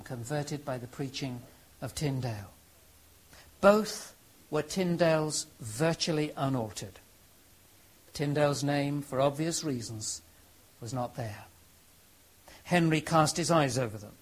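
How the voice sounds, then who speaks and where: Male lecturer with a slightly raised pitch, earnest and emphatic, telling history to an audience. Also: low-quality recording. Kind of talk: historical lecture with dramatic readings.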